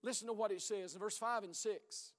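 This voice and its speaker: A middle-aged man preaching a sermon as pastor, earnest and hoarse, often sinking to a low, intense voice and repeating his words. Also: steady tone, fairly quick, a bit bright, long reverb tail.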